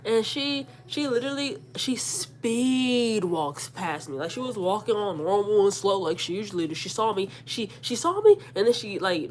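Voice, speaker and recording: A woman's voice: medium pitch, a little hiss or hum. A young woman telling a personal story in a casual, slangy way, repeating words and acting out what people said. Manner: animated, slangy, repeats words, acts out quotes. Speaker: storyteller vlogger.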